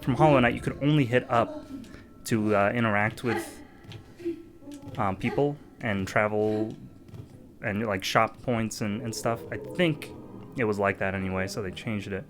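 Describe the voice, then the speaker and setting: A man's voice: lowish voice, a little slow, pauses often. A man giving casual gameplay commentary, thinking aloud with lots of fillers. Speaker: let's-play gamer.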